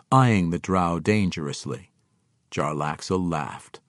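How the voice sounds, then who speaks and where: A man narrating a fantasy audiobook in an expressive storytelling manner on a close microphone. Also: sits low, takes it slowly, no room sound. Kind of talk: scripted narration.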